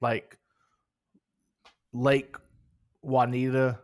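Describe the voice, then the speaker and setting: A man's voice: mid-range voice, flat delivery, extremely slow. A man co-hosting a podcast in casual chat, upbeat and joking while reading out listener reviews. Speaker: podcast co-host.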